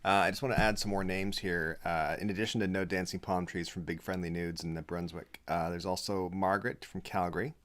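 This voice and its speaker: A man's voice: low voice, fairly even intonation, fairly quick, hardly any pauses, fairly bright tone. A playful, jokey man from Canada hosts a casual live-streamed chat. He reads viewers' comments aloud and keeps things loose and teasing. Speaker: show host.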